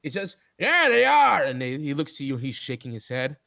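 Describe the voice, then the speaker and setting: A man's voice: mid-range voice, steady tone, fast talker, fairly bright tone. A man narrating a tabletop game as game master, casual and laughing.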